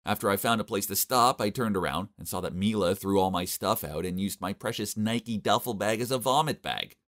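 A young man narrating an animated story in a complaining, exasperated manner. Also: on the low side, a little fast.

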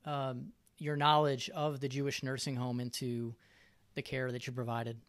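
A man hosting an interview, asking questions and giving brief, warmly encouraging reactions. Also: medium pitch, little pitch movement, normal speed, no echo, studio quality. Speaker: podcast host. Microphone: video call.

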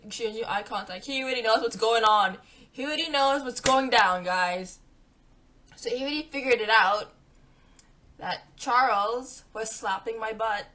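A young woman tells a storytime to her vlog audience in a bright, forward voice. She is chatty and animated, and she jumps into the voices of her friends as she goes. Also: fairly high pitch. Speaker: vlogger.

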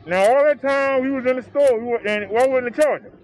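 A man's voice: extremely high pitch, fairly quick, rough recording. A man vlogging from a drive, talking casually to his viewers in a puzzled, chatty way. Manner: puzzled, talks to viewers, says y'all. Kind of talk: casual chat. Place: inside a car on a drive. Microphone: 360 camera. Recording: music playing in the background.

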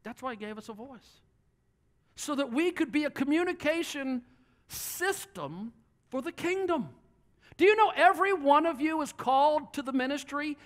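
A man with a notably high voice preaches to his congregation from the church platform. He is animated and playful, slipping into short acted-out exchanges to make his points. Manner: animated and joking, acts out little dialogues. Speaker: pastor. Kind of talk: sermon.

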